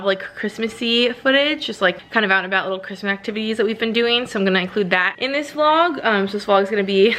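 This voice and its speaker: A woman's voice: medium pitch, a bit bright, slight background noise, low-quality recording. A young woman vlogging at home in a casual, chatty way, often laughing and filling with "like". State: out of breath from working out. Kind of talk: casual chat to camera. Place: home living room.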